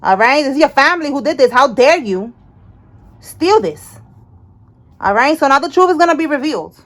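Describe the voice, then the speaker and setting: A woman giving a casual tarot reading, animated, talking to the cards and to Spirit and repeating herself. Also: sits high, moderate pace. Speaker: tarot reader.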